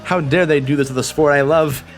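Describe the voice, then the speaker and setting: A man voicing a gruff, fired-up football coach who blusters and swears. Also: on the high side, fairly even intonation, brisk, faint music behind, lightly acted.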